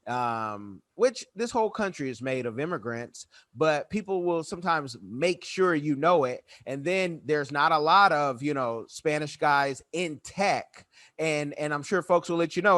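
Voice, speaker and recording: A man's voice: a little high, a little slow, dry recording, clean studio sound. A young man hosting a business podcast, asking long questions and acting out remarks people made to him. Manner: animated, acts out quoted remarks. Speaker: podcast host. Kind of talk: conversational interview.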